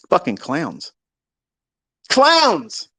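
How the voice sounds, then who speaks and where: A man's voice: fairly high pitch, wildly swooping pitch, very slow, sharp tone, breathy edge, no room sound. A man ranting to his audience as a trading educator in a live audio room, swearing, combative and boastful. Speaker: trading educator, host of the space. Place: online audio space.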